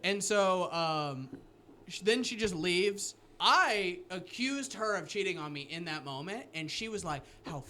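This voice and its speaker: A man co-hosting a comedy podcast, telling an animated story full of deadpan dark jokes in casual chat. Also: high voice, measured pace.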